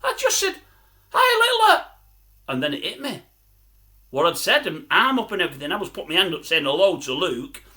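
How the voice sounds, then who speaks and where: A man's voice: fairly high pitch, expressive, quick pace, bright, forceful tone. An older man, rambling to camera as a vlogger in a grumbling, chatty storytelling style.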